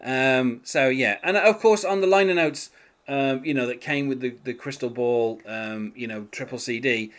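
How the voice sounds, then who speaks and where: A man's voice: medium pitch, moderate pace. A man hosting a casual music podcast, talking hesitantly with many restarts and light laughs. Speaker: podcast host.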